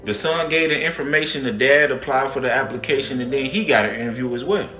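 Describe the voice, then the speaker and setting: A man's voice: medium pitch, fast talker, bright, forceful tone, echoey room, faint music behind. A man narrating a moral story in a casual, conversational way.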